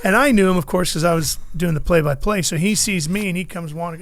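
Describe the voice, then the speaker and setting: A middle-aged man, a motorsports broadcaster, telling a story with lively energy in a podcast interview. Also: sits high, fast talker, few pauses. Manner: lively anecdotal storyteller, acts out the people in his stories.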